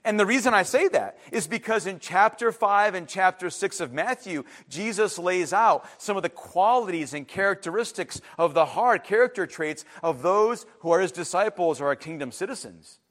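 A male pastor delivers a sermon in a high, light voice. He preaches emphatically and swings from loud, insistent outbursts to quiet, hushed asides. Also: animated, normal speed, hardly any pauses.

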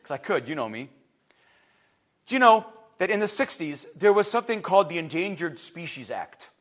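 A man, preaching an impassioned sermon that builds to shouting. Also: a little high, big pitch swings, moderate pace. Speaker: pastor.

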